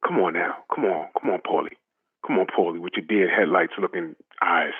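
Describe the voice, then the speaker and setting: Calling in to a talk show, this man rants with mocking profanity and plenty of fire. His voice sits low, moves a little fast and sounds husky, coming through a dry phone line with no echo.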